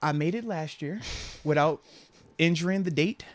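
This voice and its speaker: A man in his thirties hosting a casual sports podcast, an animated storyteller who swings between loud bursts and whispered asides. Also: a little high, moderate pace. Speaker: podcast host.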